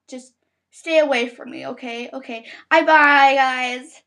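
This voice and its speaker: A woman's voice: sits high, fairly even intonation, unhurried, sharp tone. A woman recording a casual podcast from her bed, reading the news aloud in a panicky, dramatic way with frequent exclamations.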